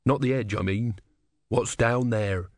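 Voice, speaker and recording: A man's voice: medium pitch, measured pace, no room sound, studio quality, lightly acted. A man voicing a worried, gloomy ship captain in an audiobook, speaking anxiously and in secretive tones. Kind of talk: audiobook character voice.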